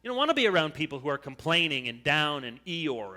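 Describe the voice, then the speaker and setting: Male pastor preaching, lively up and down delivery, bright voice, big echoey church hall. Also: quick pace, hardly any pauses. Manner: animated preaching with high whiny voices for complainers. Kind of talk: sermon. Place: church sanctuary. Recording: long church hall reverb.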